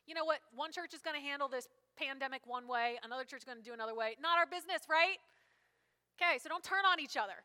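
High-voiced lady preacher, chatty and jokey, echoey hall. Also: fast. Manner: lively, joking, conversational preaching. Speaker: pastor. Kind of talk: sermon. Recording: long hall reverb.

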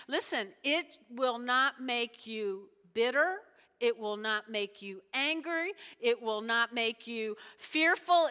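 Woman preacher, high and bright, emphatic conversational sermon, hall reverb. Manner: conversational, emphatic, checks in with "okay?".

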